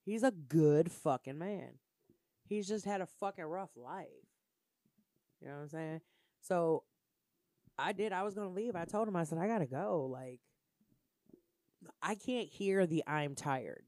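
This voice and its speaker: A woman in casual chat, telling animated, profane stories. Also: fairly low pitch, moderate pace, pauses often, no echo, clean studio sound.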